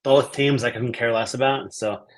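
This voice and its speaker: A man's voice: mid-range voice, steady tone, normal speed. A man co-hosting a betting podcast in casual chat, hesitant and trailing off with many fillers. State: recovering from illness.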